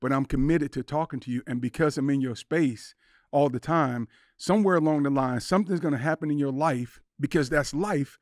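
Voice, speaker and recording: A man's voice: on the high side, brisk, darkish tone, no echo, studio quality. A man in his sixties, a podcast guest, talking earnestly in a casual conversation and acting out quoted dialogue. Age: 60s.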